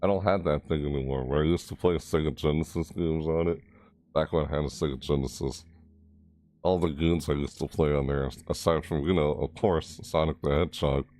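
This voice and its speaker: A man's voice: rumbling low, fairly even intonation, brisk, warm tone, dry recording. A man chatting casually on a live stream, rambling, reading chat messages aloud and chuckling.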